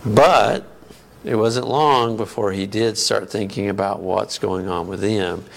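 Male preacher, gravelly voice, unhurried delivery, asks the room questions. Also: fairly low pitch. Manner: conversational teaching, asks the audience questions. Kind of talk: sermon.

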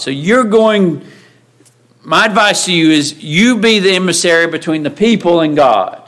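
A man preaches a sermon conversationally, often posing rhetorical questions to his listeners. He speaks at normal speed in a high, fairly bright voice with lively intonation.

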